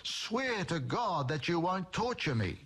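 A man's voice: high-pitched, big pitch swings, unhurried, fairly bright tone, slightly rough, exaggerated voice. A man voicing an evil spirit possessing a man, pleading in a raised voice as he reads aloud.

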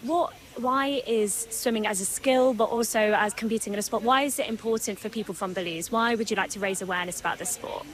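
Female sports reporter asking slow questions. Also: mid-range voice, poor audio. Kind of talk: interview.

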